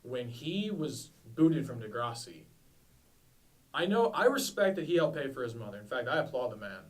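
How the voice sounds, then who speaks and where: A man's voice: mid-range voice, big pitch swings, moderate pace, distant mic, low-quality recording. A man in his twenties co-hosting a podcast, chatting casually in a rambling, self-deprecating way. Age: 20s. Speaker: podcast co-host. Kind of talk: casual chat.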